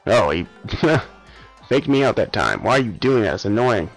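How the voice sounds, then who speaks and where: A man's voice: on the low side, sing-song, a little slow, gravelly, faint music behind, rough recording. A young man casually commenting on a game he is playing, offhand and sarcastic with mumbled asides. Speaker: let's play host.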